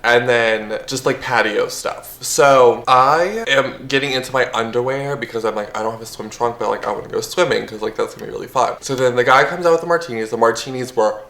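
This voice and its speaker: A man's voice: medium pitch, brisk, hardly any pauses, fairly bright tone. Young guy vlogging a storytime, lots of likes, middle voice, bit of room echo. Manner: chatty, filler-heavy, swearing. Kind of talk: casual storytime.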